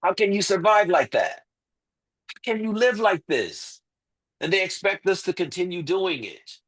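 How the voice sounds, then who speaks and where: A man's voice: sits high, sing-song, moderate pace, fairly bright tone, rough recording. A man as an interview guest, making his case emphatically with rhetorical questions and repeated points. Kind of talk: impassioned interview talk.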